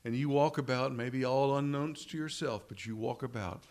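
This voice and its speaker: A man's voice: mid-range voice, normal speed, darkish tone. A man preaching a sermon in an earnest way, asking rhetorical questions and repeating phrases for emphasis.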